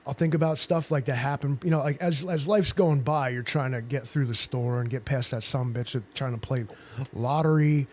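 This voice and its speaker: A man's voice: mid-range voice, normal speed, a little mellow. A man hosting a casual livestream chat, rambling and joking with plenty of swearing. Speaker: livestream host.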